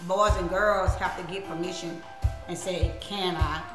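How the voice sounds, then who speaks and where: A woman minister hosting a casual live stream, laughing often and giving lively preachy asides to her viewers. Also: lowish voice, normal speed, echoey room, music in the background.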